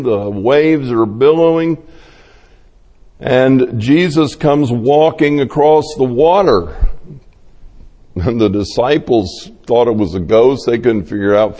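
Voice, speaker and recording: Slow-preaching man in a reverberant hall. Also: mid-range voice, warm tone. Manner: slow, storytelling delivery acting out quoted voices. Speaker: pastor. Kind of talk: sermon.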